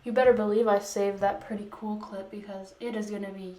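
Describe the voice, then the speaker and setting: Talking through her makeup routine, a beauty vlogger rambles, mocks herself and cracks jokes on the side. She speaks at normal speed with hardly any pauses, her mid-range voice level in tone and a little mellow, in an echoey room with slight hiss or hum.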